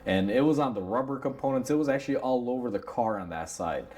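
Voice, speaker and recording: A man's voice: medium pitch, expressive, quick pace, a little mellow. A man in an ordinary middle register tells a story from his auto shop to camera in a loose, conversational way. He fills his sentences with "you know" and "like". He keeps the tone candid and plainspoken, and when he quotes the customer and himself he stays in his own natural voice. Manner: candid, conversational, acts out both sides of a dialogue; many fillers like "you know" and "like". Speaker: auto mechanic, shop owner.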